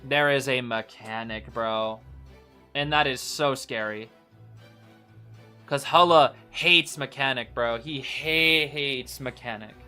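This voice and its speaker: A man casually co-watching an esports final, reacting excitedly and often saying "bro". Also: mid-range voice, slow, clear, resonant tone, faint music behind. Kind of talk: casual live watch-along commentary.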